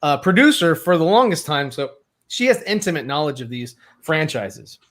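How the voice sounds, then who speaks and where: A man's voice: a little high, very animated, normal speed, a bit bright. A man co-hosting a casual movie podcast, rambling and hesitant, filling gaps with uh's. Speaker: podcast co-host.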